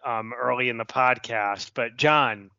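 A man with a bright, forceful voice leads a casual sports chat, joking and laughing between his points. The recording is dry and slightly dull, with a lo-fi podcast sound. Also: mid-range voice, unhurried, vocal fry, no echo. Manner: chatty and joking, laughs often. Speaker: podcast host. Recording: slightly muffled lo-fi podcast audio.

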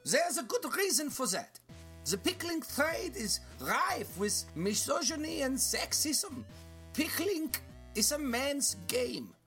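A performer voicing a scheming woman pickle boss with a German accent who speaks in slow, grand pronouncements. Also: high voice, pushed and bright, voice pushed up, heavily acted. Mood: indignant.

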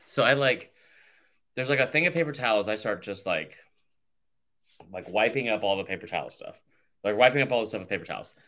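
A man's voice: fairly low pitch, expressive, brisk, long pauses, a bit bright. A male podcast co-host telling a rambling, sarcastic story in casual chat, saying "like" constantly. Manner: rambling, sarcastic, heavy use of "like".

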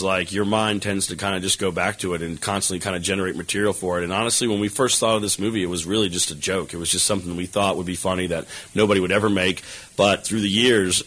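Man, low voice, relaxed and rambling, interview guest who talks around his points. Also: low-quality recording. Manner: relaxed, rambling, heavy with fillers like "you know". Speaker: actor and co-writer being interviewed. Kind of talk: casual interview answers.

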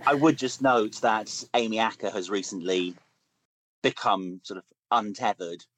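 A man co-hosting a casual podcast, speaking in a measured way with dry humor. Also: lowish voice, a bit bright, rough recording. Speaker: podcast co-host.

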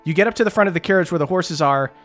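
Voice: mid-range voice, very fast, a bit bright, faint music behind. A game master narrating a tabletop game casually, with fillers and the odd swear.

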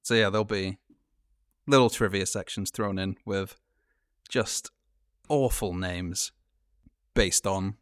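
A man's voice: sits low, takes it slowly, pauses often, a bit bright, dry recording. A man co-hosting a podcast in casual chat, trading dry, teasing banter. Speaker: podcast co-host.

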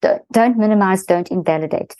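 A middle-aged woman, a guest expert in an interview, explaining a parenting method in fast-flowing, animated talk. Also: mid-range voice, dry recording, poor audio.

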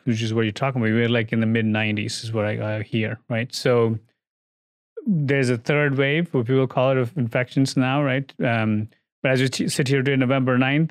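Male industry guest, middle pitch, thoughtful and halting, dry close recording. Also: no echo. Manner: thoughtful, hedging, frequent fillers and restarts. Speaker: guest, oil industry executive. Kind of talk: business interview conversation.

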